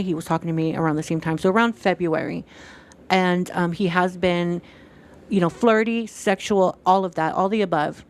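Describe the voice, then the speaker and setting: Woman, casual stream chat, animated storyteller, acts out quotes, swears freely. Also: lowish voice.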